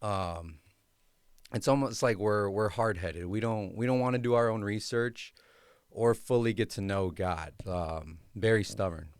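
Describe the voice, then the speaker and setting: A man's voice: fairly low pitch, a little slow, clean tone, no room sound, studio quality. A young man hosting a podcast, telling his personal story in a casual, slangy way with lots of fillers. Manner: laid-back, slangy, many fillers. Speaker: podcast host.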